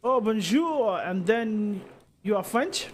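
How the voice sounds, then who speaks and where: A man's voice: sits high, lively intonation, takes it slowly, slight background noise. A man reading the lines of a friendly Greek restaurant owner in a game, plainly and with small slips.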